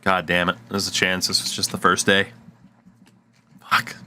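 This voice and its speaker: A man's voice: sits low, completely flat delivery, measured pace, very noisy. A man giving casual, sarcastic gameplay commentary at his desk mic. He swears freely and mutters to himself as he plays. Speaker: gaming channel host.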